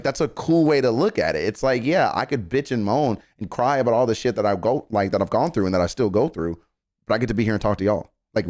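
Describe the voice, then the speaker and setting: A man's voice: fairly low pitch, darkish tone, dry recording, studio quality. A man hosting a music reaction live stream, talking earnestly to his chat, rambling with stammered restarts and casual swearing.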